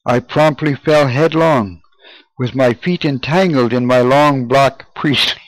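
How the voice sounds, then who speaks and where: A man reading an old first-person memoir aloud in a measured, solemn way. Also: medium pitch, no echo, poor audio. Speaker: reader. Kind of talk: audiobook narration.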